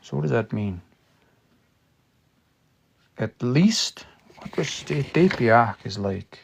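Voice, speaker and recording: A man studying a language on a casual livestream, thinking aloud and sounding out new words slowly and repeatedly. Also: mid-range voice, expressive, creaky, slight background noise. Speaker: language teacher.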